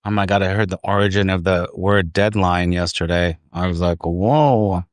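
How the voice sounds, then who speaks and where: A man's voice: sits low, level tone, brisk, dry recording. A man hosting a casual livestream outdoors in a park, rambling, easily distracted and laughing often. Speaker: livestream host. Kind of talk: casual chat. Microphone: phone.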